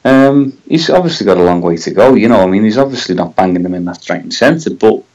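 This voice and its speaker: A man's voice: fairly low pitch, animated, fast talker, a little mellow, low-quality recording. A man with a Scouse accent, co-hosting a casual football podcast, hesitant and full of tag questions. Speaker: podcast co-host.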